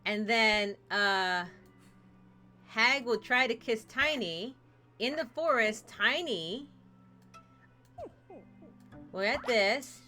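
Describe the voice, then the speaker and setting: A woman's voice: fairly high pitch, lively intonation, drawn-out words, pauses often, pushed and bright, soft background music. A woman streaming a story game, chatting casually and narrating a fairy tale in a playful way, hopping into character voices.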